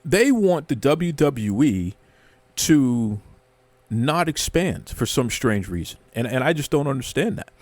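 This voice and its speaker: Male host, sarcastic mock-outrage rant, animated pitch, dry close sound. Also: unhurried, dry recording. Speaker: wrestling commentary host.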